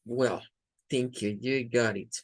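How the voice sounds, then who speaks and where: Leading pronunciation drills, a woman whose first language is Spanish teaches English with a Spanish accent, saying phrases slowly and repeating them. She has a very deep, slightly rough voice with fairly level intonation, recorded with no room sound.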